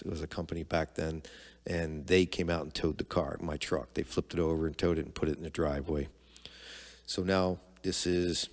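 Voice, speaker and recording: A man's voice: low-pitched, long reverb tail. A middle-aged man telling a personal story to his son on a podcast, candid and conversational, acting out the quoted dialogue. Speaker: podcast guest, father of the host.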